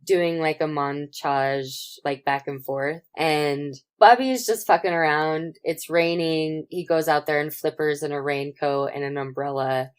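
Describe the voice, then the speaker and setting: A woman with a low, deep voice talks her way through a movie recap as a podcast co-host. She tells it with energy and drops casual swears along the way. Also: a little slow, few pauses, smooth. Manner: animated retelling, swears freely. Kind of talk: casual chat recapping a film.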